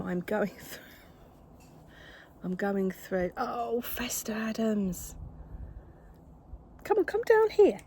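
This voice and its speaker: A woman's voice: medium pitch, darkish tone, slight background noise. An older woman, chatting casually to camera at her craft table at home, scolding her cat in exasperation. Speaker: craft vlogger.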